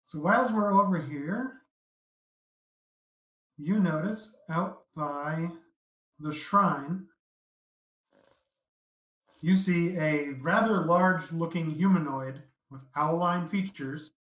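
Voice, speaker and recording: Man, game master narration, easygoing, halting with fillers, roomy echo. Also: fairly high pitch, a bit bright, highs cut off. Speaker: dungeon master.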